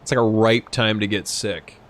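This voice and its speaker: A man's voice: lowish voice, steady tone, moderate pace, fairly bright tone. A young man streaming and chatting while gaming, a little drunk, rambling, swearing and laughing a lot. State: tipsy from drinking. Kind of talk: casual live-stream chat while gaming.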